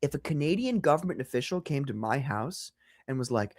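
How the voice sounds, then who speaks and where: Man, livestream host, profane rants, frequent laughter, lively swooping pitch. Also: brisk. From United States. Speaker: podcast host. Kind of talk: casual livestream chat.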